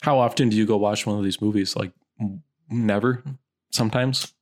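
A man's voice: on the low side, moderate pace. A man co-hosting a podcast, chatting casually and joking while reading movie blurbs aloud. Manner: animated, jokey, reads movie blurbs aloud. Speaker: podcast co-host.

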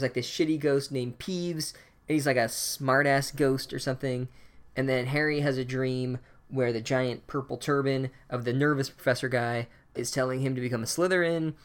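A man gives a casual comedic recap, sarcastic and deadpan, with plenty of swearing. His voice sits in an ordinary middle range for a man. The delivery stays loose and conversational. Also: medium pitch.

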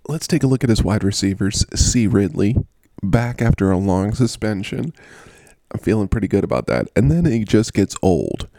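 Male vlogger, low and dark-toned, casual rambling jokey commentary. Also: very animated, moderate pace, no room sound, clean studio sound. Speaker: fantasy football vlogger.

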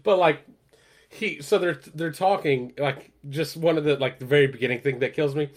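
A man co-hosting a podcast, rambling through a sitcom episode in a casual chat, with many fillers and louder acted-out quotes. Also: fairly high pitch, normal speed. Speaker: podcast co-host.

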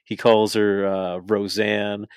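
A man with a lowish voice recaps the show in loose, excitable chat, swearing freely and laughing along. The sound is dry and close, with little room around it. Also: slow, clear, resonant tone, no room sound. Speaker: podcast co-host. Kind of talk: casual wrestling recap chat.

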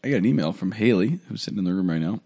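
Joking priest podcast host, low voice. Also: male voice, expressive, very fast, creaky, dark tone, slightly rough. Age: 30s. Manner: joking, rambling, self-deprecating. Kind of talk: casual podcast banter.

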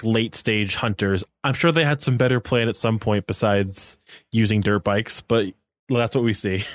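A man's voice: lowish voice, no echo. A man co-hosting a podcast, talking casually in a rambling, wry way with many fillers. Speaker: podcast co-host.

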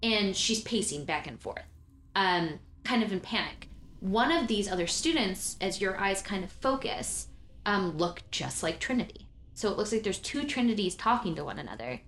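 A woman's voice: mid-range voice, lively intonation, moderate pace, a bit bright, slight background noise. A woman narrating a tabletop game as game master, casual and full of fillers. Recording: roomy echo, faint background.

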